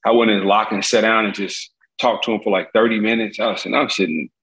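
A middle-aged man from Indiana telling a story as an interview guest, acting out the voices in it with big jumps in pitch. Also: quick pace, poor audio. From Gary, Indiana. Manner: lively storyteller, acts out quotes with jumps in pitch. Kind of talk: animated storytelling.

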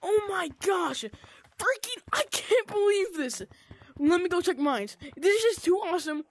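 A woman giving excited gameplay commentary, gushing and squealing, with "oh my gosh" and "dude" constantly. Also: very high-pitched, a little slow. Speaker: gaming video creator.

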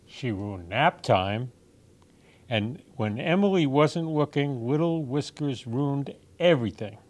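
A man reading picture books aloud for children in a gentle, expressive storytime manner. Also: medium pitch, slow pace. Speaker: storytime reader.

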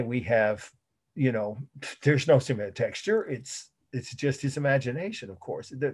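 A man's voice: mid-range voice, a little mellow, husky. A middle-aged man giving a conversational art history lecture, often repeating words and chuckling at his own asides. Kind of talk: classroom lecture.

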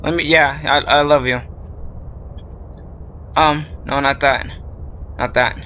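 A man's voice: fairly high pitch, steady tone, slow pace, bright, forceful tone, a little hiss or hum. A man hosting a horror game video, nervous and rambling, filling gaps with lots of ums. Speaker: gaming video host. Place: at home with his brother nearby.

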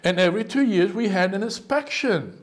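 A man with a high voice preaches a sermon from the pulpit. He is animated, sliding into quoted voices and exclaiming as he makes his points. He sounds middle-aged. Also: normal speed. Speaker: pastor.

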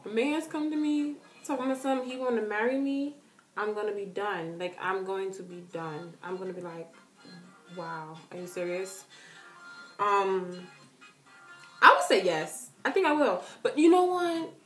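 A woman's voice: medium pitch, normal speed, faint music behind. Chatty woman vlogger in an echoey room. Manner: chatty, animated, addresses viewers as girl and you guys. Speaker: vlogger answering viewer questions. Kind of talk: casual chat to camera.

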